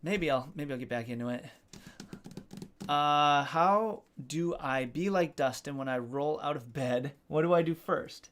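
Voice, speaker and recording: Male streamer in his thirties, slightly high pitch, loose jokey chat with viewers. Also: measured pace, a bit bright. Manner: joking, self-deprecating, swears casually. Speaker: livestream host. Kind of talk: casual live-stream chat reading comments.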